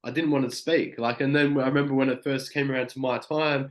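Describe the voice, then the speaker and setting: A man's voice: mid-range voice, steady tone, fast talker. Casual young man, lots of swearing. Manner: loose, heavy on "like" and swearing. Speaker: guest. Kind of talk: casual podcast chat.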